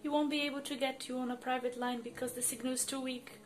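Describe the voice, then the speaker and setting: A woman voicing a calm man in a read-aloud story, soft and imploring, with soft music behind. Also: high voice, fast talker, natural voice. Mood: gentle. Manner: soft, gentle, apologetic.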